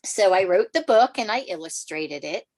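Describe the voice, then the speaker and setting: An older woman, a children's author, telling stories in an interview, animated and laughing, acting out quotes in a higher voice. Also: moderate pace, dry recording. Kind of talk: storytelling in a podcast interview.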